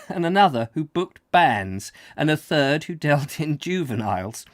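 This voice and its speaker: A man reading a story aloud at home, relaxed and unpolished, who often trips over words and corrects himself. His pitch moves a lot through each sentence, and the sound is dry and close with no room in it. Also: no room sound. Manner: stumbles, laughs and apologizes often. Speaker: audiobook reader. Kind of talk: casual read-aloud story narration.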